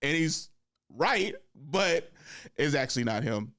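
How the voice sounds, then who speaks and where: Young guy hosting a podcast, kinda high voice, jokey, swears a lot. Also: animated, slow, a bit bright. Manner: loose, joking, swears freely. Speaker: podcast host. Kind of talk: casual podcast chat.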